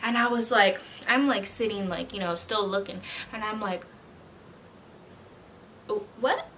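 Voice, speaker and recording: A woman's voice: mid-range voice, normal speed, a bit bright, a little hiss or hum. A young woman vlogger telling a retail storytime in a chatty, slangy way and acting out the people in it. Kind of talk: casual storytime chat.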